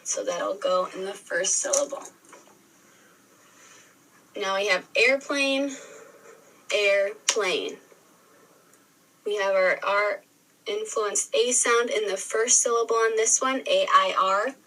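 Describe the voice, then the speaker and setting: A woman teacher giving a recorded spelling lesson, sounding words out slowly and clearly syllable by syllable. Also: mid-range voice, pushed and bright. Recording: re-filmed video playback, distant sound.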